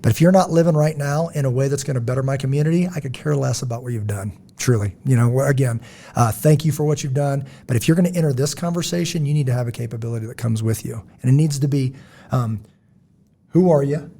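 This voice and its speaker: A man hosting a podcast, talking in a blunt, emphatic, preachy way with a husky voice. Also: mid-range voice, quick pace, dark tone. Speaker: podcast host. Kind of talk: casual podcast discussion.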